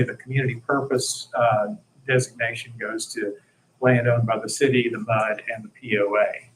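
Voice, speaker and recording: A man at a council meeting works through a draft ordinance slide by slide. His voice sits at an ordinary middle pitch, loose and plain-spoken, with frequent "uh"s. A faint hum of the room stays underneath. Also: flat delivery, normal speed, poor audio. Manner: self-deprecating, plain-spoken, many fillers. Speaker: presenter at a city council meeting.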